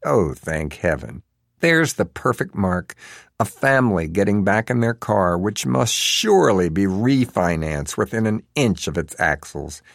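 A man's voice: fairly low pitch, sing-song, unhurried, vocal fry, no room sound, studio quality. A man reading a novel aloud as narrator, in a wry, sardonic manner. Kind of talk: audiobook narration.

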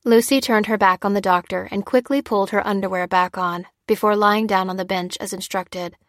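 A woman reading a story aloud in steady, even scripted narration. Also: mid-range voice, brisk, dry recording, clean studio sound. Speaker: audiobook narrator.

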